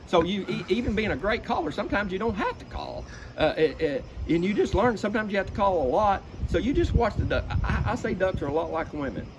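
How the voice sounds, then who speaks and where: A middle-aged man talks in a slightly high voice, folksy and lively. He breaks off to imitate duck calls. Clear background noise runs under the recording. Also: fairly quick. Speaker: duck-calling expert. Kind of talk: casual explanatory chat with vocal demonstrations. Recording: noisy background.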